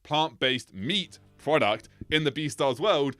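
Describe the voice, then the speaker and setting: Lively, rambling male video-essay host. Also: slow pace, no echo, soft background music. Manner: tangent-prone, laughs often, animated swings in pitch. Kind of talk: rambling, ad-libbed commentary.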